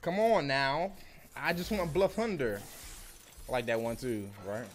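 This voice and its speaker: A young man, streaming a game pack opening with animated, slangy, swearing commentary. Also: mid-range voice, unhurried.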